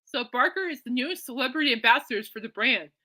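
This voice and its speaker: A woman's voice: high voice, expressive, fast talker, pushed and bright. A woman hosting a podcast in casual, rambling chat, giggly and reacting to listener comments. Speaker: podcast host.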